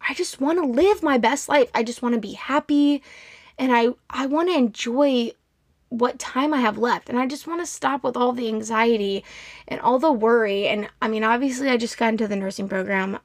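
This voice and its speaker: A woman in her twenties hosting a podcast, talking in an earnest, emphatic way and jumping into quick motivational rants. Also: on the high side, creaky, no room sound, studio quality. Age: 20s. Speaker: podcast host. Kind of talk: motivational solo podcast talk.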